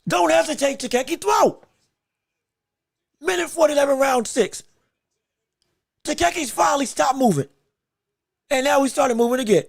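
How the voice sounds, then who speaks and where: High, gravelly man yelling fight commentary. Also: moderate pace, long pauses, dry recording, clean studio sound. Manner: shouts encouragement at fighters, excitable and emphatic. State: straining his voice. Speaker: podcast host. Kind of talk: live fight watch-along commentary.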